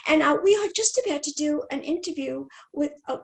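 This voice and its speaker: A chirpy, posh TV presenter with a very British accent, high and bright, as a woman puts her on. She sounds grand and showy. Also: brisk, vocal fry. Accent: British, put on.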